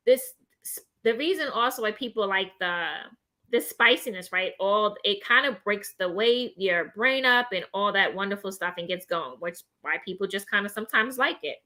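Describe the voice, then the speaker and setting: In a medium-pitched voice at a moderate pace, a woman offers people with depression practical advice in a relaxed mental health conversation. She's animated, laughs a lot, and keeps adding "right?" to her points.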